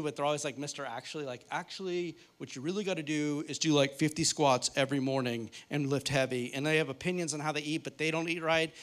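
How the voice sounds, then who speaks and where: A man's voice: on the high side, fairly bright tone. Joking, conversational man preaching a sermon. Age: 30s. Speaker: pastor.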